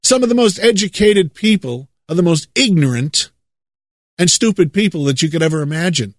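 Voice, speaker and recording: A man from the United States preaching a monologue, leaning hard on drawn-out stresses and repeating words for effect. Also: a little high, lively intonation, dry recording, clean studio sound.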